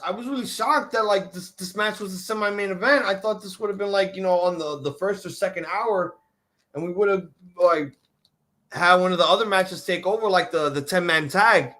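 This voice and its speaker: A man hosting a casual wrestling reaction chat, excitable and profane, often restarting his sentences. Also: high voice. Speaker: podcast host.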